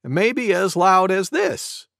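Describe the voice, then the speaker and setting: Man playing a storybook cuckoo, chirpy, fussy, high, gravelly tinge. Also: animated, takes it slowly, a bit bright, no room sound, studio quality, full character voice.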